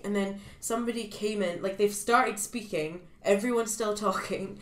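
Woman in her twenties, co-host, lively laughing storyteller; roomy echo on the track. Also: mid-range voice, normal speed. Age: 20s. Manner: animated storyteller, laughs often. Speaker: podcast co-host. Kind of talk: casual chat. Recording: echoey room.

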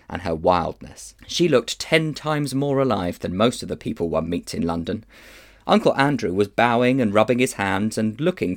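A man reading a children's novel aloud in an expressive storytelling manner. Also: fairly low pitch, creaky. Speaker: children's book reader.

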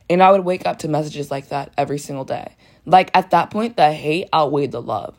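A young woman in college with a croaky, dehydrated voice, candidly telling a raw personal story in a casual vlog. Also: deep voice, a little fast, a little mellow. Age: young adult. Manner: candid, raw, frank storytelling with blunt language.

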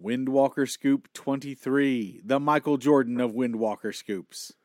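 A man co-hosting a comedy podcast, firing off quick puns and silly wordplay. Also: mid-range voice, darkish tone, dry recording, studio quality. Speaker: podcast co-host. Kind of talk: joking podcast banter.

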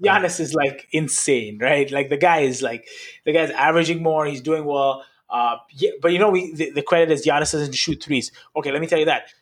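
A man's voice: a little high, brisk. A man co-hosting a sports podcast, chatting casually and rambling, with lots of "like" and "right?". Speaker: podcast co-host.

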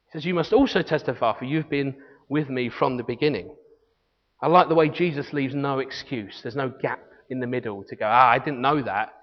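A man's voice: mid-range voice, a little fast. Man preaching in an echoing hall. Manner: earnest teaching, reads scripture aloud, frequent restarts. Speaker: pastor. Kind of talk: sermon. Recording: long hall reverb, dull lo-fi sound.

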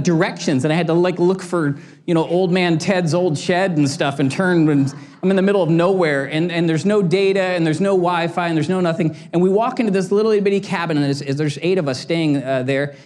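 A middle-aged man giving a sermon as a pastor, telling a lively story, acting out quotes and laughing at himself. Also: fairly high pitch.

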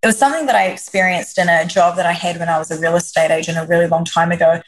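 Speaking very fast in a lowish, fairly even voice, a leadership coach appears as a podcast guest and answers interview questions. She is earnest and reflective and often restarts her sentences. The recording is rough.

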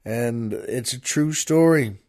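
A man's voice: medium pitch, slow pace, darkish tone. A man hosting a show, chatting folksily with listeners and introducing a poem and a film. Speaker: radio show host. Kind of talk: folksy show talk and poetry reading.

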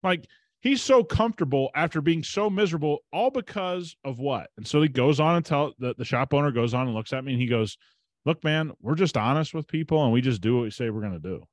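A man's voice: mid-range voice, lively intonation, a little fast, dry recording. A man hosting a podcast, telling a story in a casual, emphatic way and retelling conversations as quoted dialogue. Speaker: podcast host.

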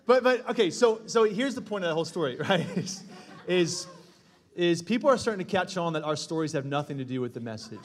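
A pastor in his thirties telling a funny family story in a sermon to his congregation, animated and self-mocking. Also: a little high, a little fast. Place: church stage before a congregation. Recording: long reverb of a large hall.

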